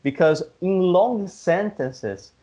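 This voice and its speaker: A man's voice: sits high, lively intonation, warm tone. Patient man tutoring over video call. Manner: patient, explains slowly with examples. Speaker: Spanish tutor. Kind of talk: online language lesson. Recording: slightly dull video call audio.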